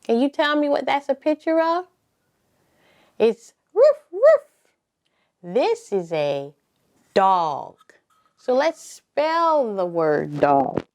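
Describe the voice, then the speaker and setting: A woman leading a preschool circle time lesson, talking slowly and encouragingly and spelling words out letter by letter. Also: on the high side, very animated. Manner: slow, sing-song and encouraging, spelling letter by letter. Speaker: preschool teacher.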